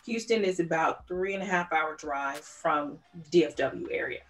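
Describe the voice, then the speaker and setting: Woman, low-ish voice, podcast co-host, animated true-crime storyteller. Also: moderate pace.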